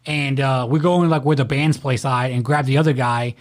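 A man's voice: medium pitch, a little fast. A man telling rowdy, profane stories in casual chat, acting out the people he quotes. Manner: rowdy, profane, animated storytelling with acted-out quotes. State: drunk.

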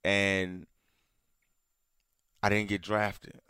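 Man, smooth resonant low voice, excitable, casual podcast co-host, dry close sound. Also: very slow, dry recording. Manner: excitable, laughs loudly, gets louder and higher when worked up. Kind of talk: casual chat.

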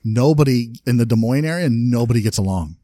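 A man's voice: medium pitch, expressive, brisk, mellow, no echo, clean studio sound. A man appearing as a podcast guest, telling stories and asking questions in an easygoing casual chat. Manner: storytelling, asks questions, easygoing.

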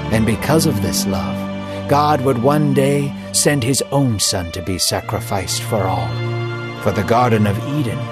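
Man narrating a dramatic Bible story. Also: mid-range voice.

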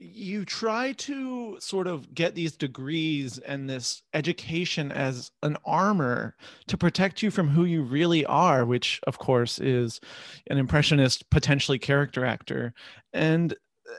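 A man's voice: a little high, expressive, a little slow, no room sound, studio quality. A man co-hosting a podcast in casual chat, teasing his co-host with mock-earnest, exaggerated praise.

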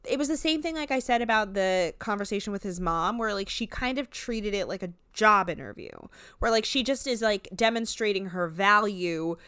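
Woman, podcast co-host, smooth clear voice, dry close sound, rambling casual talk, filler words. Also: medium pitch, expressive, moderate pace, bright, forceful tone, no echo. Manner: chatty, lots of "like", laughs often. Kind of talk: casual chat recapping a reality show.

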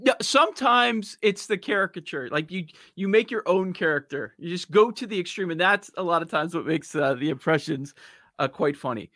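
A man's voice: sits high, expressive, moderate pace, sharp tone, dry recording, clean studio sound. A man co-hosting a sports podcast, easygoing and explanatory in casual talk. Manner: easygoing, explanatory, laughs often. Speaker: podcast co-host.

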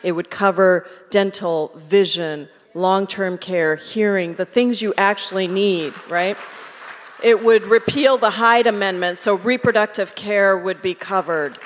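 A woman's voice: mid-range voice, a little slow, a little hiss or hum. A woman, a congresswoman, explaining a policy confidently and emphatically, listing points at a live event. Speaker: congresswoman, panel guest. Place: large hall with an audience. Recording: hall reverb with crowd behind.

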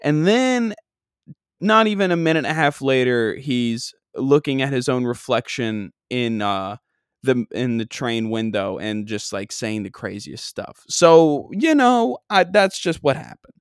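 A Long Island man spins a casual, rambling story, full of fillers and jokes at his own expense. His voice is smooth and resonant, at a middling pitch. The sound is dry and close, with no room around it. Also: very animated, a little slow, no echo. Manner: rambling, self-deprecating, lots of fillers. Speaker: comedian podcast host.

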